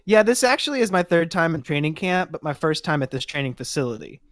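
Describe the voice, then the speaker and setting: A man's voice: on the high side, very animated, fast talker, fairly bright tone, dry recording. A man voicing a cheerful, chatty young male soldier recruit in a script read-through, eager and naive.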